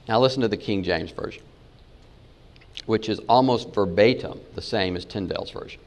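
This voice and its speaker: A man giving a Bible lesson, reading verses in several versions slowly and softly, then building to emphatic points. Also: on the low side. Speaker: Bible teacher. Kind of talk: spoken lecture with scripture readings.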